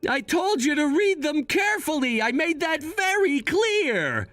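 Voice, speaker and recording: A man's voice: extremely high pitch, sing-song, measured pace, bright, forceful tone, dry recording, faint music behind, exaggerated voice. A man voicing a coolly scheming adult son in a text-message story drama, firm and matter-of-fact.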